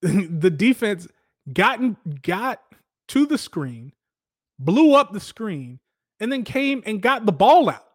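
A man hosting a casual football commentary show, giving opinionated, animated takes with lots of filler words. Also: sits high, takes it slowly, no room sound, clean studio sound. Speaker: sports podcast host.

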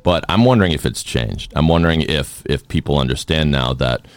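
Very deep-voiced man hosting a podcast. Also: a little fast, clean tone, dry recording, studio quality. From Boston area. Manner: chatty, rambling with fillers and restarts. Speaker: podcast host. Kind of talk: casual interview chat.

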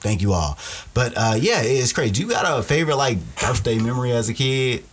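A man's voice: mid-range voice, expressive, fairly quick, husky. A man hosting a podcast, chatting casually and joking, swearing and talking straight to his listeners. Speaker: podcast host. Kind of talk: casual chat. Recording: noisy background.

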